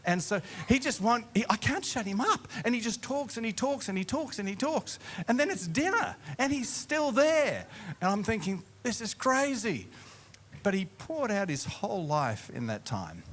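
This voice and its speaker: A middle-aged pastor telling a humorous story from a church stage into a mic. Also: male voice, high-pitched, very animated, normal speed, fairly bright tone. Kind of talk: sermon storytelling.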